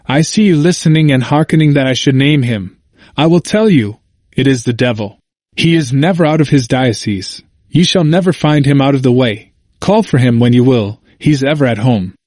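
A man reading the part of a zealous reformer preacher who speaks with emphatic, sharp irony. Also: medium pitch, moderate pace, dry recording, clean studio sound, close to an everyday voice. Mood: preaching, ironic.

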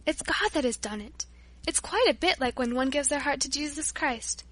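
A woman voicing Paula, a gentle, devout, cheerful young girl who talks in an earnest, sweet way. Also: sits high, animated, fairly quick.

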